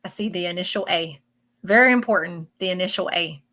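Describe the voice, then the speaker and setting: A woman's voice: on the low side, fairly quick, pushed and bright. A woman doing a live psychic reading, emotional and repetitive, calling her viewers y'all. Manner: emotional, repeats phrases, addresses viewers as y'all. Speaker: psychic medium.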